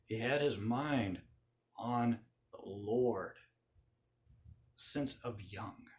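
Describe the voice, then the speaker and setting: A man hosting his channel, telling an old story in a folksy, animated way. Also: lowish voice, drawn-out words. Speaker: channel host. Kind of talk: casual storytelling.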